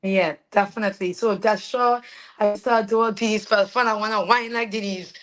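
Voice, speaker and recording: A young woman with a Trinidadian accent, telling her life story as a guest in a casual interview, animated and quick to laugh. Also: medium pitch. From Trinidad and Tobago. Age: young adult. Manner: animated, laughs often, trails off with fillers. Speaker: soca artist guest.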